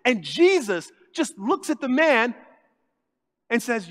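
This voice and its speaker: A man, the lead pastor, preaching a sermon with animated delivery, acting out quoted voices and joking with the congregation. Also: very high voice, takes it slowly, long pauses, in a large hall. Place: church sanctuary.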